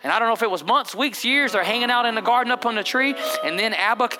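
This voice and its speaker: A man's voice: extremely high pitch, fast talker. A man who is a pastor, delivering an impassioned sermon in a church with repeated, rising phrases. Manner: impassioned, repetitive and rising preaching. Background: music.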